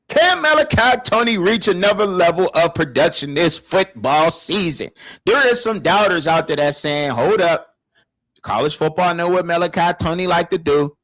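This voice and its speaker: An animated male sports-show host with a fairly high voice. He keeps the casual chat lively with exclamations and quick laughs.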